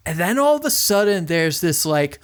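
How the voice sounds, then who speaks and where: A man with a slightly higher voice co-hosts a casual podcast. He rambles along, bouncing into quoted lines and sometimes shouting them for effect. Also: big pitch swings, normal speed, smooth. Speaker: podcast co-host. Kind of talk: casual chat about music.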